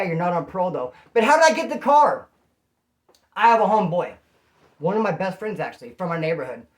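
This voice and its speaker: A man casually recounting his own story, with lots of slang, acting out other people's voices as he goes. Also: sits high. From California. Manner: animated, slangy, acts out quoted voices.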